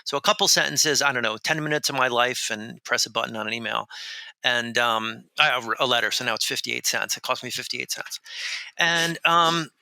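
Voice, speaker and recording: A man tells a story as a podcast guest, rambling and restarting as he goes. His voice is gravelly and very bright, with a sharp edge. The sound is dry and close. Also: mid-range voice, moderate pace, dry recording, low-quality recording. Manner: animated, rambling, with many restarts. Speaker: author and guest. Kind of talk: conversational storytelling.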